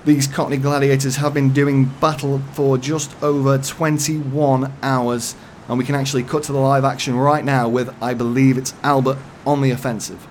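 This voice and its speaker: A man putting on an excitable live sports commentator with a booming, theatrical delivery. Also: normal speed, few pauses, a little hiss or hum, natural voice. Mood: hyped.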